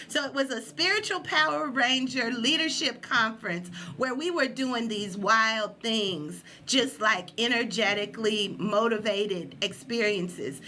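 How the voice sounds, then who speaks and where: A woman podcast host telling a story in a casual live stream, animated and acting out quotes. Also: a little hiss or hum. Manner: animated, acts out quotes with high yelps.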